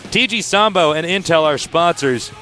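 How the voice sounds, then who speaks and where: A man's voice: a little high, lively intonation, normal speed, bright, forceful tone, soft background music. A man casting a live esports match with playful jokes and play-by-play that speeds up in tense moments. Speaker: esports commentator. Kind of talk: live game commentary.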